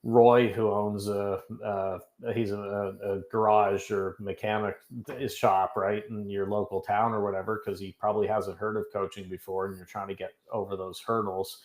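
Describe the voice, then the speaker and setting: A middle-aged man from Canada talks as a guest in an interview. He tells stories in a chatty, self-joking way. His voice is low, and the room around him echoes. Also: little pitch movement, moderate pace, hardly any pauses. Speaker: podcast guest, business coach. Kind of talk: casual interview talk.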